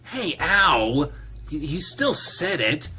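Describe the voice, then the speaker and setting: A man's voice: fairly high pitch, very animated, slow pace, bright, forceful tone, husky, faint music behind, voice pushed up, full character voice. Man voicing a prim, chiding lynx. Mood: smug. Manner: chiding, primly upbeat. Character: prim cheerful adult male lynx. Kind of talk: visual novel read-aloud.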